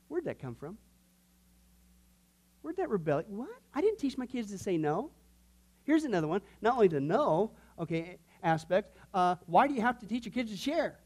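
A man's voice: high voice, very animated, moderate pace, darkish tone. A man teaching an informal Bible class, folksy and joking, often slipping into quoted voices.

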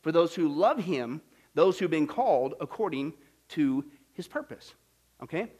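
A man preaching a sermon as pastor, swinging between hushed asides and emphatic, shouted passages. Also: fairly high pitch, animated, a little slow, husky.

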